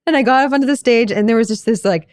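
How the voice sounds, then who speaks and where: A woman's voice: on the high side, very fast, a little mellow, smooth, dry recording, studio quality. A woman co-hosting a podcast as a meditation coach, telling a personal story in a reflective, casual way.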